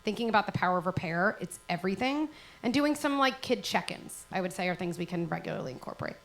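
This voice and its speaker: Her voice sits on the low side, quick and animated with a fairly bright tone, captured in a low-quality recording. This middle-aged parenting expert addresses a live event audience with earnest energy, playing out brief parent-child scenes.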